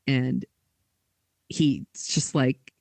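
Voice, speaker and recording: A woman's voice: extremely low pitch, flat delivery, drawn-out words, vocal fry, a little mellow, dry recording. A woman co-hosting a podcast, telling a story in casual chat with lots of "like" and quoted dialogue. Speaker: podcast co-host.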